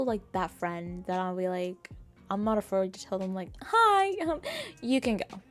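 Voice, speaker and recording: A young adult woman chatting casually with her live chat as a streamer, in a bubbly, animated manner full of fillers. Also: medium pitch. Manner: bubbly, animated, lots of "like", acts out quoted voices.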